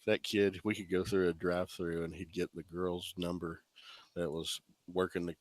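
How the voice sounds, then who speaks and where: A man's voice: sits low, normal speed, no room sound. A man telling crude stories with lots of laughter, hosting a casual podcast chat. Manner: laughing storyteller, crude and animated. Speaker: podcast host.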